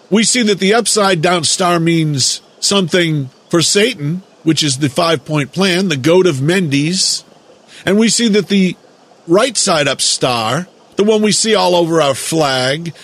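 A man delivering a slow, deliberate lecturing monologue, drawing out words for emphasis. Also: high-pitched, fairly bright tone. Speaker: speaker giving a monologue lecture.

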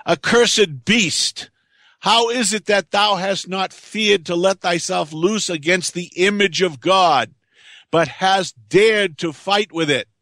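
Guy reading eve, sorry and pleading, old-timey words, slow and kinda high. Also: sharp tone, no echo, clean studio sound, full character voice. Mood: angry. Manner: solemn, pleading, archaic speech. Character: Eve, grieving remorseful first woman.

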